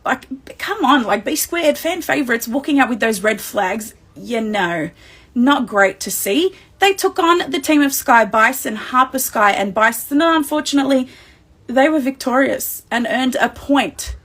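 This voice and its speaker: Speaking straight to her fans, an Australian woman runs a wrestling recap livestream in a high voice. Her delivery is unhurried yet excitable and full of emotion.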